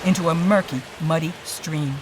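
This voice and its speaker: A storyteller giving a dramatic, expressive storybook narration. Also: mid-range voice, moderate pace, noisy background. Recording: distant voice over loud music.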